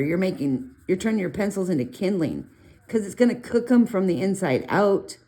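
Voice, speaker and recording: A middle-aged woman casually talking through a colored pencil demo, chatty and rambling with animated asides. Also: mid-range voice, normal speed. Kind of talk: casual art tutorial talk.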